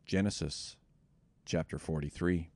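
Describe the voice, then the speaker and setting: A man narrating scripture in a measured, deliberate scripted reading. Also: extremely low pitch, fairly even intonation, a little mellow, dry recording. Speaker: scripture reader.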